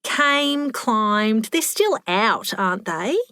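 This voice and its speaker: A woman's voice: high-pitched, very animated, measured pace, dry recording, clean studio sound, voice pushed up. A woman voicing an eager, muddled elderly woman in a care home.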